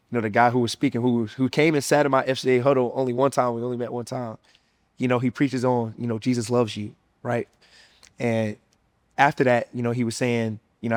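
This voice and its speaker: A young man in his twenties tells his personal faith story in a relaxed, conversational way. He keeps dropping fillers like "man" and "you know" as he talks. His voice sits at an ordinary pitch, and the sound is dry and close, with no room echo. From United States. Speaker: former college football player sharing testimony.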